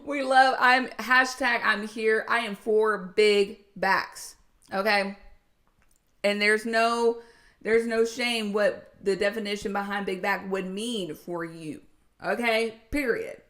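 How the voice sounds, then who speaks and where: A woman's voice: mid-range voice, steady tone, slow pace, a bit bright. A young adult woman hosting her own health podcast, talking candidly and chattily with frequent laughs and self-deprecating asides. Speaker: health and weight loss coach, podcast host. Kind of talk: casual solo podcast monologue.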